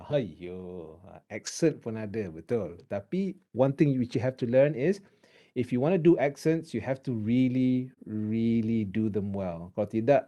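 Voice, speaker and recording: Animated Malaysian man teaching drama. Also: mid-range voice. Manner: animated, mixes English with Malay; acts out examples while teaching. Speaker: drama lecturer. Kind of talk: online drama lecture.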